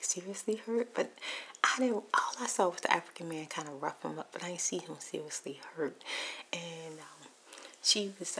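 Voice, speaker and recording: A woman's voice: on the low side, gravelly, a little hiss or hum, poor audio. A woman whispering a rambling ASMR storytime while eating popcorn, with crunching clicks in the background. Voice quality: mostly whispered, soft-spoken. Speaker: ASMR YouTuber.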